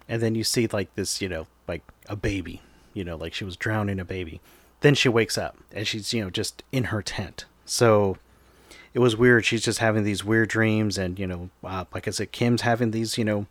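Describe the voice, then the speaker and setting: A man talks through a film's plot in an easygoing, meandering way, leaning on "you know" and "like" as he goes. His voice sits in a middle pitch, and the sound is dry and close with no room echo. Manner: rambling, heavy use of "you know" and "like". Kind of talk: casual movie recap.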